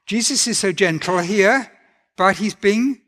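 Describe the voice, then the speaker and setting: Gentle preacher man in a reverberant hall. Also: sits high, measured pace. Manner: gentle, conversational preaching with rhetorical questions. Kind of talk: sermon.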